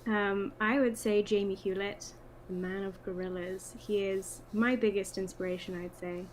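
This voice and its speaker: A woman's voice: medium pitch, steady tone, normal speed, a little hiss or hum, low-quality recording. A young woman, an art student guest, chatting in a friendly and slightly shy way on a call. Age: young adult. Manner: friendly, a bit shy, laughs often. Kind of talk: casual video call chat.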